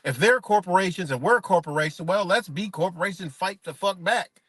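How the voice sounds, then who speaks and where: Heated and profane, a livestreamer rants off the cuff, pelting out rhetorical questions. He sounds high-pitched and brisk, a bit bright and husky, and the recording has no echo.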